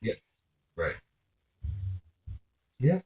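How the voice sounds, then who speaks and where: A man telling a meandering, profane story in casual chat, often restarting mid-sentence. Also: drawn-out words. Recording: echoey room on a tinny phone-like line.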